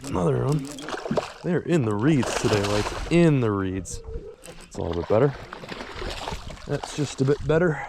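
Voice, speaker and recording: A man vlogging while fishing from a boat on a lake, rambling casually and breaking into excited exclamations. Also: medium pitch, normal speed, creaky, pauses often, noisy background. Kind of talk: casual vlog narration.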